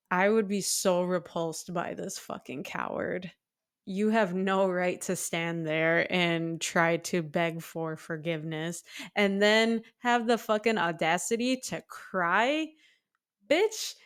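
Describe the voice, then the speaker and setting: Female podcast co-host, blunt and fired up, swears, lowish voice, unhurried delivery. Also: clear, resonant tone. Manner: blunt and heated, swears freely. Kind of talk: casual film discussion.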